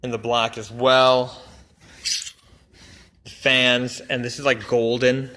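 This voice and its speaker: Man, enthusiastic brand rep, bright forward voice, chatty live-stream product walkthrough with lots of fillers. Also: medium pitch, flat delivery, takes it slowly. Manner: enthusiastic, rambling, many fillers and restarts. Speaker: brand representative showing new products. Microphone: phone or camera mic on a live stream.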